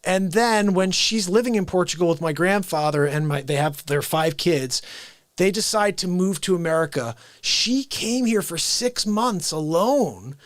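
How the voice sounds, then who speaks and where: A man hosting a live call-in show, chatting with a caller in an animated, laughing way. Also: sits high, unhurried, no room sound, studio quality. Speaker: host.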